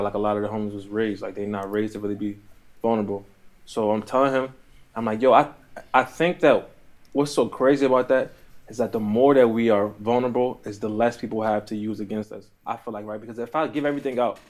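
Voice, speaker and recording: Fast-talking man telling a story. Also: on the low side, darkish tone. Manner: quick, slangy storytelling. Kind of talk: casual podcast discussion.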